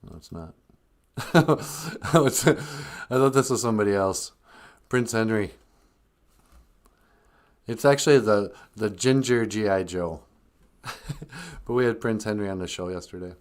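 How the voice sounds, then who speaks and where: A man's voice: fairly low pitch, a little slow, long pauses. A man hosting a live stream in a casual, rambling way, joking and reading viewer comments aloud.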